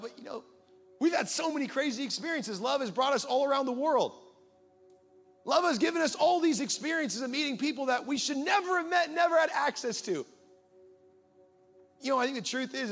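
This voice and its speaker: A young man preaching a sermon in a casual, earnest way, with growing excitement. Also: extremely high pitch.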